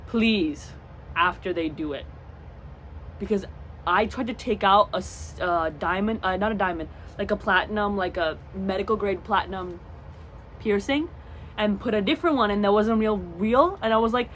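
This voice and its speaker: A young woman telling a storytime vlog story in an animated way, acting out the voices of the people in it. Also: fairly high pitch, a little hiss or hum. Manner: animated, acts out voices in her stories. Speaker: vlogger.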